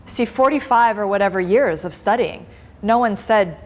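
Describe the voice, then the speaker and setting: A woman teaching a meditation class, retelling a story in a relaxed, conversational way with many fillers. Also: mid-range voice, moderate pace.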